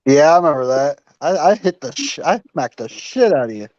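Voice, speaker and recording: A man's voice: on the high side, animated, darkish tone. A man chatting casually with friends, laid-back and swearing. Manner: slow, laid-back, profane. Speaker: friend in the chat. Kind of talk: casual chat. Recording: dull lo-fi dry sound.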